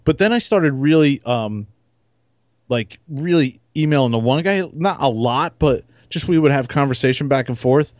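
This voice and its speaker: Man, podcast co-host, laid-back, rambling, mid pitch, dry close mic. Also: normal speed, no room sound. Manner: relaxed, rambling, many restarts and fillers. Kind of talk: casual chat.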